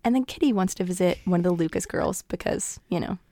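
A woman's voice: lowish voice, lively intonation, quick pace, gravelly, mellow. A young woman gives a casual, chatty retelling of a story. She is playful, laughs often and slips into the characters' lines. The sound is dry and close, with no room echo. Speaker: guest summarizing a novel.

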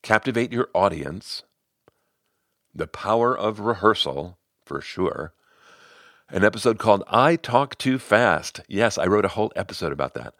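A middle-aged man hosting his own podcast and telling a story as a speaking coach. He is expressive, climbing high when excited and sinking to near-whispers. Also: a little slow, no echo, clean studio sound. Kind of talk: solo podcast storytelling and advice.

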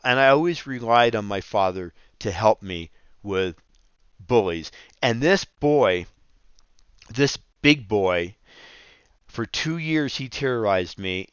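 A middle-aged man giving an earnest personal testimony in a sermon, telling his story in halting, emphatic phrases with repeats. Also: medium pitch, smooth, dry recording. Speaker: Christian speaker. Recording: dull dry lo-fi audio.

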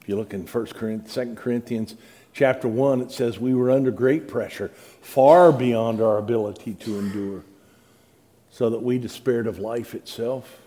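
A man's voice: mid-range voice, normal speed, warm tone. A middle-aged male pastor reading scripture dramatically and preaching with rising emphasis. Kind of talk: sermon.

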